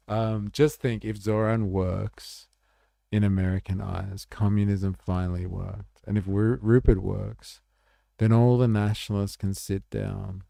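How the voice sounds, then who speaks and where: A man's voice: lowish voice, vocal fry, mellow, no echo, studio quality. A man hosting a livestream, reacting to chat in a laid-back, rambling way with swearing and fillers. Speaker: livestream host.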